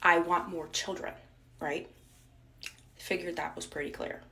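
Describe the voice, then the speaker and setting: A woman's voice: fairly low pitch, steady tone, measured pace, creaky, sharp tone, recorded from a distance, slight background noise. A woman in her twenties telling a personal story with indignation, acting out the people in it. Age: 20s.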